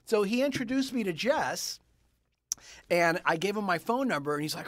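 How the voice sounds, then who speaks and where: A man from California, a podcast guest telling animated stories, acting out voices and stumbling over quick restarts. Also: high-pitched, no room sound, clean studio sound. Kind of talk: storytelling in conversation.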